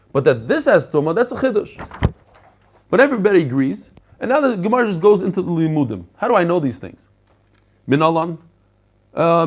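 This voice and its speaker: A man, a rabbi, teaching a lively Talmud class, explaining the text and talking directly to his listeners, with Hebrew and Yiddish terms mixed into his English. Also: high-pitched.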